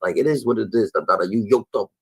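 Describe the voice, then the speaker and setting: A man tears into an interview clip in a fast, mocking rant. His voice is husky and a little low. The sound is close and dry. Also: dry recording, poor audio. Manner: mocking, filler chant "da, da, da". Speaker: reaction commentator. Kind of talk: profane reaction rant.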